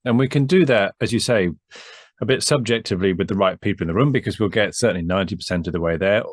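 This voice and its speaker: A man with a fairly low voice talks fast as a business advisor co-hosting an advice discussion. He keeps things conversational and prompts with questions. There's no room sound.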